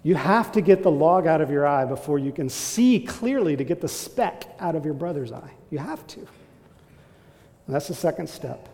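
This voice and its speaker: A male pastor preaching with an emphatic, exhorting delivery. His voice sits a little high yet sounds dark and mellow, with a gravelly edge. The sound rings with the long reverb of a large hall. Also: animated, moderate pace. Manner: emphatic, builds to forceful exhortation. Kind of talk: sermon.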